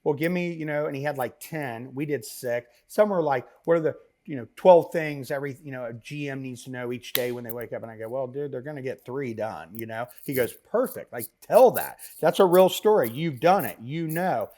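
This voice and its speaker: A middle-aged man, a business founder, telling stories as a podcast guest in a rambling, animated way with many fillers and asides. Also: mid-range voice, brisk, hardly any pauses. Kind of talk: casual interview storytelling.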